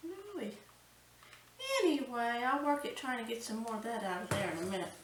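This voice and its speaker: A woman's voice: on the high side, animated, fast talker, echoey room, recorded from a distance, noisy background. A woman hosting a cooking channel, talking through a recipe step by step and exclaiming with delight.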